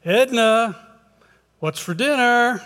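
A man playing a frustrated older husband who calls out loudly to his wife, in a church with long reverb. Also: very high voice, lively intonation, takes it slowly, pitched above the performer's own voice, full character voice. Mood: calling out. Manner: loud calling out.

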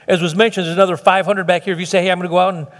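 Middle-aged pastor, conversational sermon, high-pitched, reverberant sanctuary. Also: male voice, little pitch movement, rapid-fire. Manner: conversational preaching with restarts and acted quotes. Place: church sanctuary. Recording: long hall reverb.

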